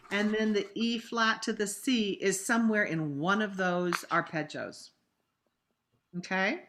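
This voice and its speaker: Bright-voiced woman coaching singers on a video call. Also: medium pitch. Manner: demonstrative, acts out diction examples with sudden loud bursts; conversational, warm coaching with fillers. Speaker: opera coach leading a master class. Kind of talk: virtual master class teaching.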